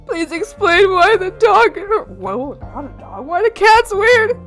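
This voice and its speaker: Giggly, animated young woman streamer. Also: very high voice, measured pace, hardly any pauses, soft background music. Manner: giggly and animated, yelling playfully at her pets. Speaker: art streamer. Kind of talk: casual live-stream chat.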